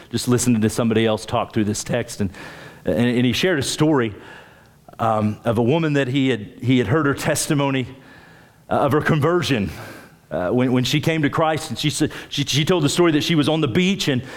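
A pastor preaching a sermon, emphatic, with his pitch climbing on key points and repeating words as he starts phrases.

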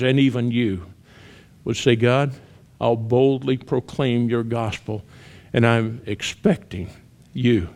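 Man preaching a sermon. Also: mid-range voice. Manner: storytelling, shouts quoted cries, drops to hushed appeals.

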